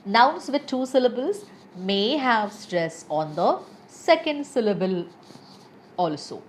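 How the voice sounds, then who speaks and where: A woman teaching English pronunciation, reading word lists slowly and stressing syllables deliberately. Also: a little high, lively intonation, slight background noise. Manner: reads word lists aloud with exaggerated stress. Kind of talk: slow, deliberate pronunciation lesson.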